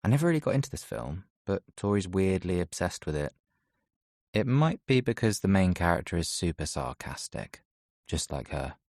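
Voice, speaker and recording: Low-voiced man reading an audiobook. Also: sing-song, no room sound, studio quality. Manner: soft, subdued, measured. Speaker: audiobook narrator. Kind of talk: first-person audiobook narration.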